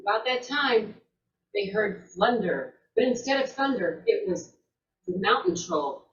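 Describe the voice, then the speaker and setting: A woman storyteller retelling a folktale in an unhurried way, repeating words and restarting phrases as she goes. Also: medium pitch, animated. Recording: roomy, distant, dull lo-fi sound.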